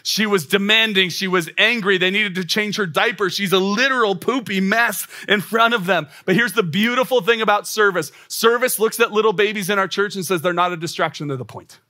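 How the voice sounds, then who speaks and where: A man's voice: sits high, brisk, hardly any pauses, sharp tone. A man in his thirties preaching a sermon as a pastor, emphatic and repetitive, with rising exclamations. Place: church auditorium.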